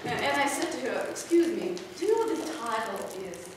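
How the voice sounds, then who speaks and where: A woman piano professor giving a lively workshop lecture at a conference, teasing the room with questions. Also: on the high side, a little fast. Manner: animated, playful, draws listeners in with questions. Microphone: distant room mic. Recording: echoey hall recorded from far off, noisy.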